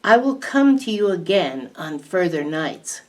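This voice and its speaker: A woman voicing an ancient towering tree monster with a booming, declaiming voice, recorded from a distant mic. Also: big pitch swings, measured pace. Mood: commanding. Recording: distant mic, faint background hiss.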